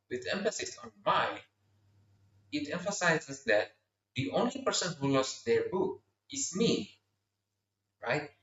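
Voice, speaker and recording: Young male student teacher, slow and lively, voice a bit high, roomy dull recording from a distance. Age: young adult. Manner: slow, clear explanations with exaggerated stress on example words. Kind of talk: classroom pronunciation lesson.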